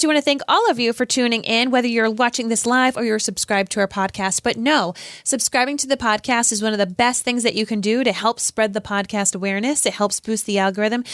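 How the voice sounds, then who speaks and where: Upbeat lady cohost chatting, kinda high voice, dry close sound. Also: dry recording. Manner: upbeat, promo-style plugs. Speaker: podcast co-host. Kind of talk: casual chat.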